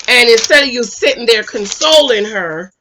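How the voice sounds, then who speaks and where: A woman recapping a TV dating show in casual, animated chat, laughing often and speaking directly to the women watching. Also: on the high side, moderate pace, noisy background. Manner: animated, chatty, laughs often, addresses viewers as "ladies".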